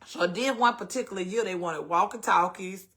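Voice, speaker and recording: A woman's voice: medium pitch, normal speed, fairly bright tone. A middle-aged woman with a Southern US accent, hosting a casual storytelling chat in a blunt, profane way and acting out the voices of people she quotes. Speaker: host.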